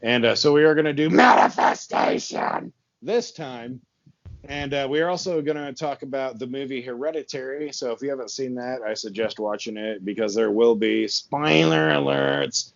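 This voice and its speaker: Male podcast host, laid-back and rambling, middle pitch, dull lo-fi home recording. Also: moderate pace, vocal fry, dry recording. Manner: rambling, laid-back, lots of fillers and laughs. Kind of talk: casual chat. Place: his barn with the door open and a fan on.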